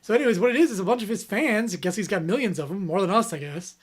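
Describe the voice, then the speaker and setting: On a comedy podcast, a male co-host reads out fan questions in a relaxed, chatty way, leaning on plenty of fillers. His voice sits high and sounds animated and slightly rough, racing along.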